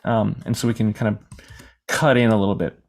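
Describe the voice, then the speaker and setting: A man teaching a screen-recorded software lesson in a casual, rambling way, sometimes acting out questions from imagined viewers. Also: lowish voice, flat delivery, a little fast. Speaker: software tutorial instructor.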